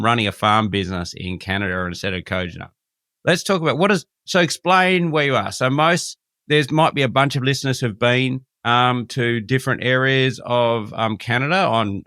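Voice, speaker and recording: A man's voice: medium pitch, sharp tone, no echo, studio quality. An Australian man hosting a farming podcast, laid-back and matey, chatting with a remote guest. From Western Australia. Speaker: podcast host. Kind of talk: casual podcast interview.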